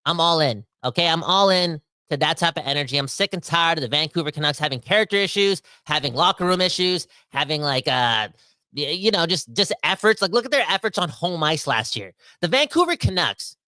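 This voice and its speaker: A young man hosting a casual podcast, rambling and animated, swinging between fired-up outbursts and quieter asides. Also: on the high side, dry recording. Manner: rambling with frequent restarts and self-corrections. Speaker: podcast host. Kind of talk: casual ranting podcast talk.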